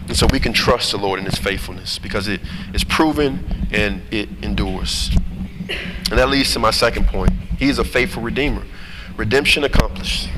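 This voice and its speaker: A man preaching a sermon in a church hall, animated and full of rhetorical questions to his congregation. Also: lowish voice. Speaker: pastor. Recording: reverberant hall with steady noise.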